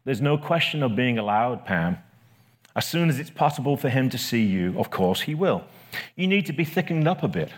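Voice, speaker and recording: A man voicing a gentle bright spirit, a brother who speaks in a calm, coaxing way. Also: mid-range voice, normal speed. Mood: patient.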